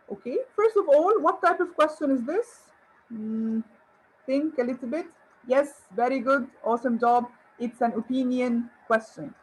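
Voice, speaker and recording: A woman's voice: high-pitched, normal speed, rough recording. A woman English teacher giving an online grammar lesson, encouraging and asking her viewers questions. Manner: encouraging, rhetorical questions and praise.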